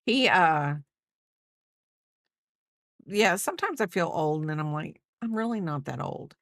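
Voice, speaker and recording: A woman's voice: low voice, lively intonation, a little slow, no room sound, clean studio sound. A woman in her fifties chatting casually while crocheting on a livestream, rambling and thinking aloud with lots of fillers. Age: 50s.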